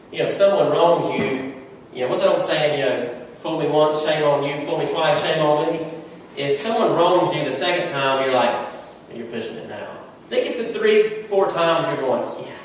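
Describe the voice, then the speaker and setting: A male pastor preaches in a relaxed, storytelling way, leaning hard on key words. His voice sits slightly high and is caught from far off by the mic. A long reverb fills the church sanctuary, with faint ambience underneath. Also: slight background noise. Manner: conversational storytelling, emphatic. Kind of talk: sermon. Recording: echoey church hall from far off.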